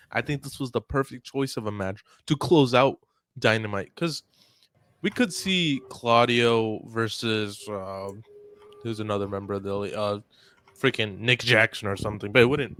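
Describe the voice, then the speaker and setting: A man's voice: fairly low pitch, moderate pace, fairly bright tone. A young man co-hosting a casual podcast chat, giving blunt, offhand opinions. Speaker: co-host.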